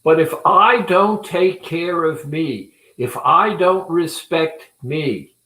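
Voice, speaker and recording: A man with a slightly high voice talks to viewers about a weight-loss clinic, slowly and with many pauses. He is earnest and deliberate throughout. His voice rings with the echo of a roomy space. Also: bright, forceful tone. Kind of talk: promotional talk to viewers.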